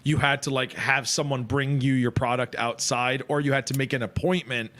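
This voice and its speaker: A man's voice: medium pitch, steady tone, moderate pace, a bit bright. A man hosting a casual group stream, telling an anecdote with swearing and acting out both sides of the exchange. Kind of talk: casual chat, storytelling.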